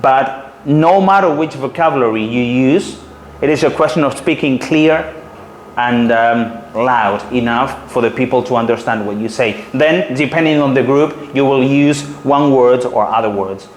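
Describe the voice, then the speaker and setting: A Spanish-accented man in his forties gives a workshop talk, confident and explanatory, pausing on small fillers now and then. His voice sits at an ordinary middle pitch. The room is roomy and echoing, with a faint hum of noise behind him. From Spain. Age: 40s. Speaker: city guide trainer.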